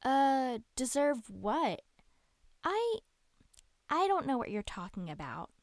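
A woman's voice: high voice, very animated, slow, dry recording, clean studio sound, full character voice. A woman voicing a haughty, sly female fox spirit who turns indignant when teased. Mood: evasive.

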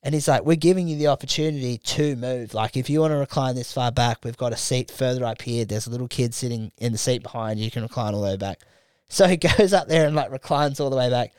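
A man's voice: mid-range voice, fast talker, clean tone, no echo, clean studio sound. A young Australian man co-hosting a podcast, telling a crude travel story in casual chat and acting out the people in it. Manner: animated, acts out quotes, heavy swearing. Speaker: podcast co-host.

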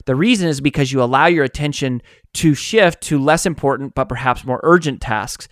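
A man, an author who runs a coaching company, telling stories in a conversational interview, animated and acting out quotes. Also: mid-range voice, fairly quick, dry recording, studio quality. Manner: animated storyteller, acts out quotes.

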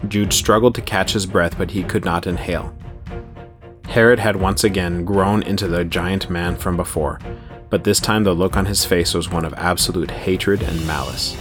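A man reads a horror story aloud in a steady, measured way. His voice sits very low and even. Faint music runs quietly underneath. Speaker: narrator. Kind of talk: scripted horror story narration.

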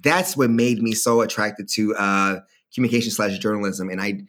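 Guy in his 30s chatting on a podcast, animated, laughs a lot, does little voices. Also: fairly low pitch, moderate pace. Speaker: guest. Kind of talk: casual storytelling chat.

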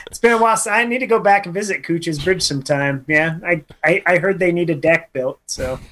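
Jokey radio co-host guy, high voice, bright sharp tone, laughs at everything. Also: moderate pace, a little hiss or hum. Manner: jokey, laughs often, tries silly accents. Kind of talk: casual radio banter.

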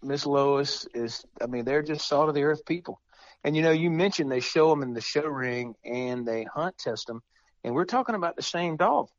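A man's voice: a little high, animated, moderate pace, no echo. Guy explaining hunt test rules, muffled lo-fi sound, dry. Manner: explains rules plainly, agrees often. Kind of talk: casual chat.

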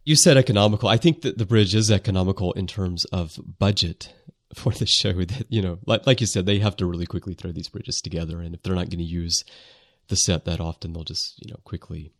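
Male podcast host, very low voice, thoughtful and descriptive. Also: a little fast. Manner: thoughtful, descriptive, uses filler words. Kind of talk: casual chat.

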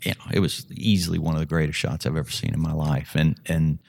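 A man's voice: very deep voice, steady tone, quick pace, gravelly, darkish tone, breathy edge. A middle-aged man, a golf analyst and podcast guest, telling stories vividly with frequent restarts. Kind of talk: conversational storytelling.

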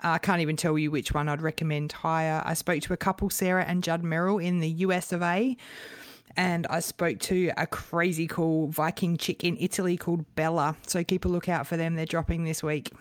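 A woman's voice: low-pitched, level tone, a little fast, dry recording. Bubbly woman, dry sound. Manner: bubbly, laughing. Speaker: podcast co-host. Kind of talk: casual chat.

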